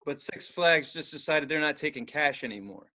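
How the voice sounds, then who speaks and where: A man's voice: a little high, moderate pace. A man co-hosting a podcast, telling a story full of swearing and acting out each person in it. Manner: animated, swears constantly, acts out the people in his story. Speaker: podcast co-host. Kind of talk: profane comedic storytelling.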